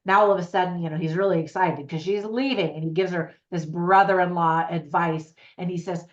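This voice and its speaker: A woman's voice: on the low side, steady tone, brisk, hardly any pauses. An American woman chatting casually as a movie reviewer, upbeat and talking straight to her viewers. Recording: roomy echo, slightly dull sound.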